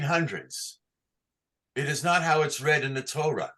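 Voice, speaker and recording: A man teaching a class on chanting, who asks patient questions and sings short phrases slowly to show how they go. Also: medium pitch, sharp tone. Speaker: cantor teaching Torah chanting. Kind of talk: online class, chanting examples.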